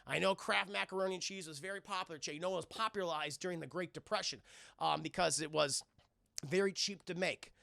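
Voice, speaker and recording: A young man recapping a film scene by scene for a live chat, swearing freely and chatty throughout. His voice is high for a man and heavily gravelly, and it sits close and dry. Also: fast talker, sharp tone, no echo. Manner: rambling, crude, chatty. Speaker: streamer and film reviewer. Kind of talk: casual profane scene-by-scene recap.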